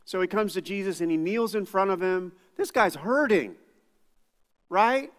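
A man's voice: high voice, expressive, a little slow, a bit bright, big-room sound. A man preaching a sermon as pastor, conversational and self-deprecating, with casual asides to the congregation. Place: church sanctuary.

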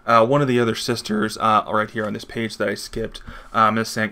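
A man with a low, gravelly voice and a bright, forceful edge hosts a casual comic review. He talks in a chatty way and reads panel dialogue aloud between his own remarks. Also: level tone, normal speed. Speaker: comic book reviewer and host.

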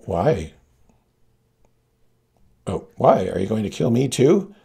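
Man doing cold accusing baby, gravelly, pitch swinging. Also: very animated, slow pace, warm tone, full character voice. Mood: shrill accusing. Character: accusing infant, small and cold.

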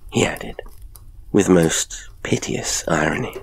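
Deep gravelly male horror narrator. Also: steady tone, low-quality recording. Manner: measured, dramatic storytelling. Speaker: podcast narrator. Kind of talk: scripted horror audiobook narration.

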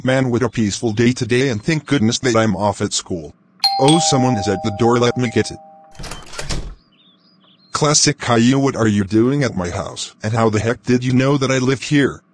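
Flat robotic male narrator voice. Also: medium pitch, moderate pace, no echo. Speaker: narrator voicing all parts. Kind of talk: text-to-speech grounded-video narration.

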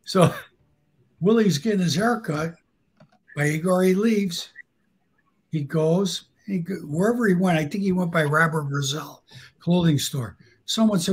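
A man tells stories as a guest, his voice fairly high and husky. He tells crude, animated anecdotes and acts out each quoted person. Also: measured pace, rough recording. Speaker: guest storyteller. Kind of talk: casual storytelling.

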